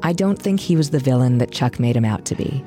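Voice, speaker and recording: A wry true-crime podcaster. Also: female voice, rumbling low, expressive, over music. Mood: steady. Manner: measured, wry and reflective. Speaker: podcast host and narrator. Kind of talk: scripted narration.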